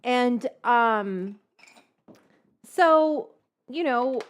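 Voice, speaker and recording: A woman's voice: medium pitch, unhurried, long pauses. Rambling woman on a livestream. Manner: rambling, swears freely. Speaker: livestream host baking from her cookbook. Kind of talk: casual livestream chat.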